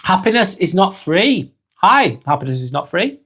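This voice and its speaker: Gravelly East Lancashire man in his forties. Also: sits high, big pitch swings, fairly bright tone. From England. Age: 40s. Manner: slow, halting, many ums and restarts. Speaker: live stream host. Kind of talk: reading and answering live chat comments.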